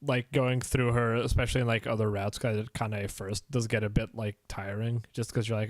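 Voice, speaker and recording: Man, podcast host, excitable, laughs a lot, dry close sound. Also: on the low side, normal speed, dry recording. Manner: excitable, laughs often, acts out quotes. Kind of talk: casual podcast chat.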